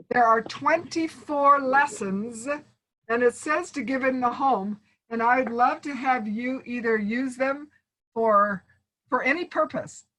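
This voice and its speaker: A woman's voice: on the high side, a bit bright, rough recording. A woman giving an online training talk as a speaking coach, encouraging and calling her listeners friends, acting out sample phrases. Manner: acts out sample phrases in asides. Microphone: video call.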